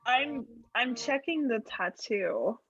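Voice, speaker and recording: A woman's voice: a little high, animated, takes it slowly, a bit bright, slightly rough, highs cut off, faint music behind. A woman playing a tabletop game, talking in a hesitant way with many fillers. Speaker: player. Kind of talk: tabletop role-play chat.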